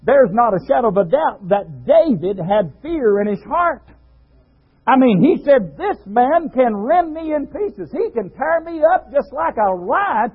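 A man preaching a sermon, swinging from low murmurs to shouted exclamations. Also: sing-song, unhurried, slightly rough. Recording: tinny lo-fi radio broadcast.

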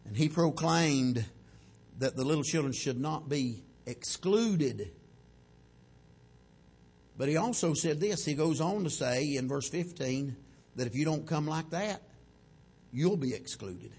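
Preacher guy, husky, swoops up and down a lot, acts out the prayers. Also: fairly high pitch, lively intonation, unhurried, pauses often, a little mellow. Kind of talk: sermon.

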